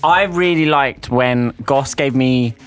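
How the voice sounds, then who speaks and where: A man's voice: medium pitch, slow, clean tone, faint music behind. A man co-hosting a radio show, chatty and dramatic in casual studio banter. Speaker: radio co-host.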